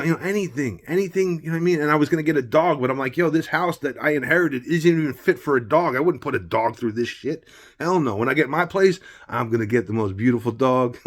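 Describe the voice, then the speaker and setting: A middle-aged man telling a personal story in a vlog, rambling and heated, often asking "you know what I mean". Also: medium pitch. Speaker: vlogger.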